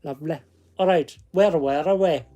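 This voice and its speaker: A man's voice: on the high side, moderate pace, warm tone. A man reading ghost stories aloud in a put-on Scottish accent, chatting casually between passages. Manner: chatty asides that break off the reading. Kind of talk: casual read-aloud storytelling.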